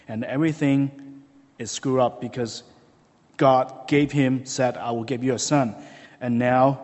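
A man preaching a sermon, telling the story with lively, animated delivery and acting out quoted voices. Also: medium pitch, in a large hall. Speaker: pastor.

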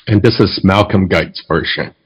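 A man preaching a sermon as pastor, telling stories in a measured way and reading poetry slowly. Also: deep voice, husky.

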